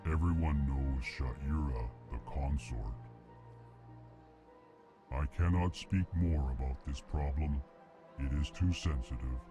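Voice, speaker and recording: A massive elephant-like alien diplomat in a video game, proud and stiff. The voice sits extremely low and booms with no rise or fall at all. Each emotion is announced flatly before the line, over game music. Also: male voice, slow pace, long pauses. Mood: monotone. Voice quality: flat monotone, names each emotion before speaking.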